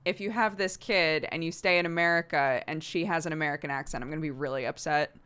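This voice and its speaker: A woman voicing a tipsy older English grandmother who speaks bluntly, in a low, smooth voice. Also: quick pace, a bit bright. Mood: teasing.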